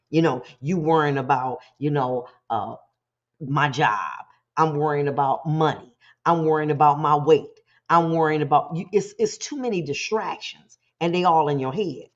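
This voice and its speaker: The audio is dull, carrying a low-pitched woman who hosts a motivational talk show. She preaches in a lively, conversational way, briefly switching into voices to dramatize points.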